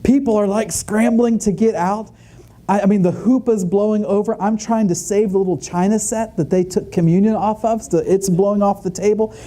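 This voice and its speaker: Dark-voiced man telling a lively story. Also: high voice, normal speed. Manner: animated, chatty, many fillers and asides. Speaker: conference speaker. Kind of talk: humorous storytelling talk. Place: conference stage before an audience.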